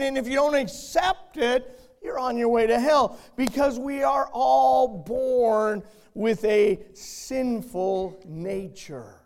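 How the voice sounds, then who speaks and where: A middle-aged man preaching a sermon in a church, telling folksy stories and building up to loud, shouted emphasis. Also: a little high.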